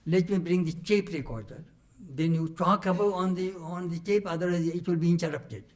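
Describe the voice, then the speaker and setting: Older man, animated storyteller, fairly high voice. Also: brisk. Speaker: monk recalling his teacher. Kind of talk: storytelling talk to a retreat audience.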